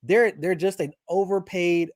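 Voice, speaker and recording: Here a high-voiced man, speaking a little slowly, is an animated guest sharing strong sports opinions in casual conversation. He tends to restart sentences as he builds his argument. The recording sounds dry and close-up, free of room echo.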